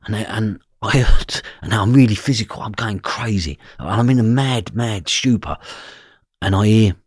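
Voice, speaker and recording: Man, middle-aged, podcast guest, intense first-person storytelling, blunt and profane, husky voice. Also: fairly low pitch, normal speed, no room sound, clean studio sound. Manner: blunt and swearing, keeps asking "do you know what I mean?".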